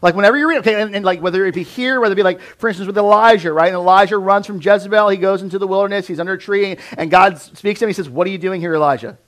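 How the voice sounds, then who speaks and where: A man preaching a conversational sermon, acting out voices of Bible figures and often dropping to a low, quiet voice. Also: fairly even intonation, very fast, hardly any pauses. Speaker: pastor.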